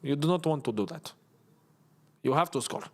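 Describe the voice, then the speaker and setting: A man's voice: fairly high pitch, normal speed. A man putting on a South American Spanish accent to playfully urge a football team to score. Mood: teasing urging. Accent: put-on South American Spanish accent. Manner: urgent, pleading, teasing. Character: adult man mock-scolding a football team.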